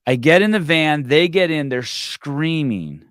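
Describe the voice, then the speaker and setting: A man's voice: fairly high pitch, animated, measured pace, fairly bright tone, no echo, studio quality. A man in his forties hosting a call-in podcast, telling blunt, profane stories in casual chat. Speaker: podcast host.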